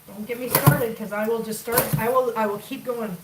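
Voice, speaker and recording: A woman's voice: a little high, fairly even intonation, moderate pace, few pauses. A woman with a Minnesotan accent chatting casually while she cooks at home on a livestream, laughing often and reading out viewer comments. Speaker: livestream cooking host. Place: home kitchen. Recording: echoey room, distant mic, noisy.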